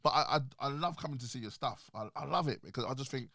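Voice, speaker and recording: A man's voice: mid-range voice, fast, creaky, bright, forceful tone, no echo. A man hosting a casual chat in a studio, talking animatedly, laughing often and restarting his sentences. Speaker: podcast host.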